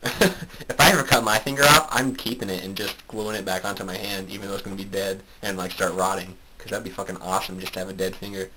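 A man's voice: low-pitched, steady tone, quick pace, sharp tone, a little hiss or hum, rough recording. A man guesting on a casual comedy podcast, rambling through crude jokes with lots of giggling.

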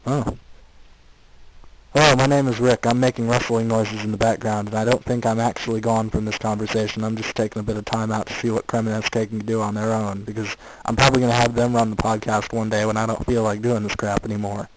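A man's voice: on the low side, little pitch movement, fast, background noise. A man co-hosting a casual comedy podcast, riffing playfully and laughing at the jokes. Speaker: podcast co-host.

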